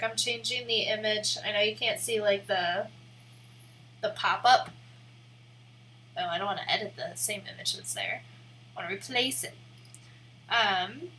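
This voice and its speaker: Bright-voiced Midwestern woman streaming. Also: a little high, a little hiss or hum, rough recording. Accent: American Midwest. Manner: chatty, rambling, self-deprecating. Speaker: live streamer. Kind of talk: casual livestream chat while working on screen.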